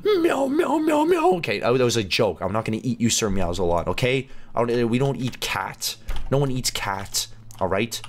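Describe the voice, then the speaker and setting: A man hosting a gaming channel, chatting and reacting excitedly as he plays through a game. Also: on the low side, moderate pace, a little hiss or hum. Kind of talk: let's play commentary.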